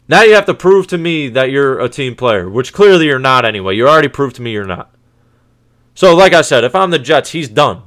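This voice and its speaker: A man's voice: on the high side, very animated, moderate pace, a bit bright. A man hosting a sports podcast, ranting in a heated, profane, exasperated way, with many restarts. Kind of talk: casual sports rant.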